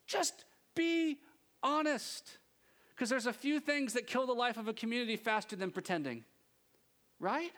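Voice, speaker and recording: Lively, high-voiced joking pastor man. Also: a little fast. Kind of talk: sermon.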